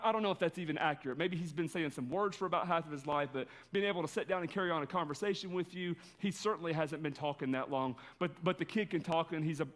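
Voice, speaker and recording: High-voiced earnest preaching man. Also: fairly bright tone. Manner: earnest personal storytelling. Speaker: pastor. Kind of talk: conversational sermon.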